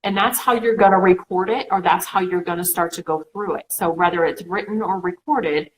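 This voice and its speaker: A woman's voice: on the low side, brisk, slight background noise, rough recording. A woman in her thirties co-hosting a casual coaching chat, talking through examples with lots of "okay" and "you know". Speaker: co-host.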